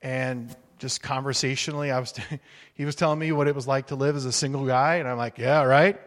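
A male pastor preaching a sermon in a relaxed, humorous, conversational way, acting out little quotes. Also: medium pitch, a little fast. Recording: reverberant hall.

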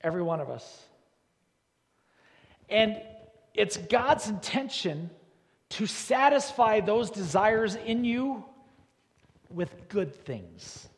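A man, a pastor, preaching a sermon in a church, leaning hard on repeated words and rising to loud, forceful peaks. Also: sits high, lively intonation, slow, long pauses. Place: church sanctuary. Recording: long reverb of a large church hall.

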